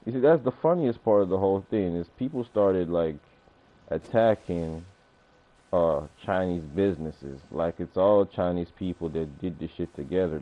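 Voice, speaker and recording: A man ranting casually and profanely on a gaming livestream, acting out arguments as he tells a story. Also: low voice. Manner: profane, animated storytelling, acts out confrontations. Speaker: gaming streamer. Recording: tinny phone-like audio.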